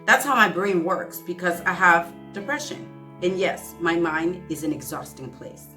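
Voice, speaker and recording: A woman with a slightly low but bright, forward voice speaks to her viewers in an earnest, emotional way, close to tears. Her reading halts and restarts now and then. Soft guitar music plays faintly underneath. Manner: earnest, emotional, halting reading with self-corrections. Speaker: vlogger. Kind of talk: heartfelt vlog talk and reading a letter aloud.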